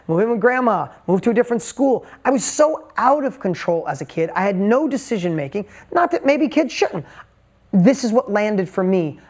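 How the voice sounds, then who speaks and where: A middle-aged man giving an emotional, emphatic motivational talk, telling a personal story and repeating words for punch. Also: very high-pitched. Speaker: motivational speaker.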